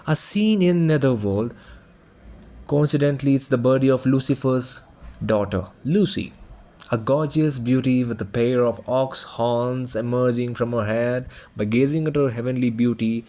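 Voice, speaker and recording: A man narrating a fantasy audiobook, reading aloud at a measured pace. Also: mid-range voice, a little mellow. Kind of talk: storybook narration.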